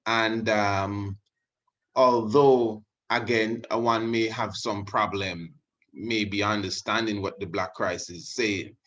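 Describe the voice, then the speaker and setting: A man's voice: fairly low pitch, steady tone, takes it slowly, a bit bright. A man, teaching in a rambling casual monologue full of asides. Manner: rambling, many you-knows and restarts. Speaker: religious video host. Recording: muffled lo-fi audio.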